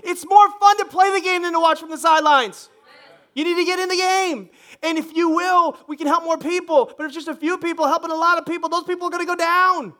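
A pastor preaching a lively sermon, joking and acting out people's voices as he goes. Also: very high-pitched, quick pace. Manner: animated, joking, acts out congregants' voices. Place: church stage.

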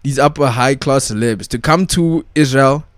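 A man's voice: mid-range voice, normal speed, dry recording. A young man, ranting casually as a podcast host, full of slang, restarts and repeated "bruh" and "dog". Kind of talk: casual rant about pop culture.

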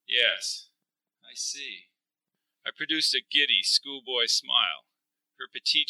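A man narrating a first-person story in a measured, even storytelling voice. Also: medium pitch, no echo, poor audio.

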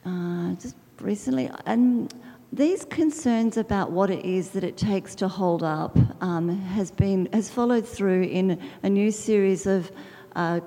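A woman's voice: mid-range voice, unhurried, warm tone. A woman artist talking about her own work in a searching way, restarting phrases with many ums. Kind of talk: public talk about her artwork. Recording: long reverb of a lecture hall.

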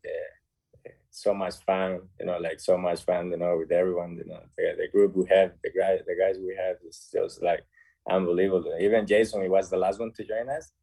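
A man with a Costa Rican accent speaks in a very low, husky voice with a dark, mellow tone. He is a guest on a casual radio interview and talks cheerfully in halting English, often tagging on "man". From Costa Rica. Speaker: guest footballer.

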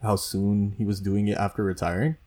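A man co-hosting a podcast, talking about basketball in a confident, opinionated way and quick to push back. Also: fairly low pitch, flat delivery, warm tone. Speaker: podcast co-host. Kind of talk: casual sports chat.

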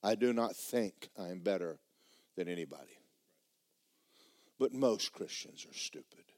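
Folksy preacher with a lively voice. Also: male voice, low voice, a little slow, no echo. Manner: folksy, blunt, rising to fervent shouts. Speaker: pastor. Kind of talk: sermon. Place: church sanctuary.

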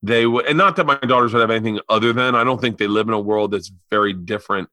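A man's voice: on the low side, quick pace, dry recording. A man in his forties hosting a podcast, telling stories in casual chat and acting out other people's voices. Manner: animated storyteller who acts out quoted voices. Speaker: podcast host.

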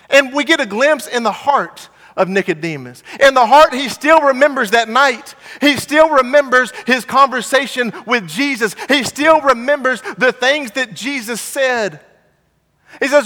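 A man's voice: very high-pitched, moderate pace, sharp tone, in a large hall. A man preaching a sermon, earnest and repeating his phrases, reading scripture and acting out the people in it. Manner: earnest, repeats phrases, voices the Pharisees mockingly.

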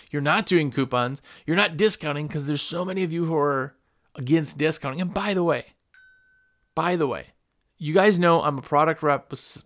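A man's voice: a little high, fairly bright tone. Chatty man giving business advice. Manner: rambling, chatty, acts out customer calls. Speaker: podcast host for window cleaners. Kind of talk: casual business advice monologue. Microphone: microphone at a computer.

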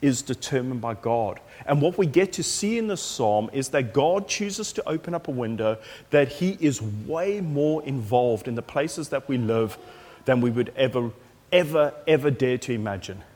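Animated preacher, echoey hall. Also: male voice, mid-range voice, normal speed. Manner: animated, emphatic storytelling with repetitions. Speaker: pastor. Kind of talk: sermon.

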